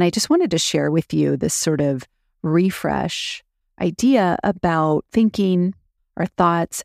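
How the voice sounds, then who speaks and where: A woman hosting a solo podcast as a coach, talking in a calm, reflective way and often checking in with "right?". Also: low-pitched, gravelly, dry recording, clean studio sound. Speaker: podcast host and coach for physicians.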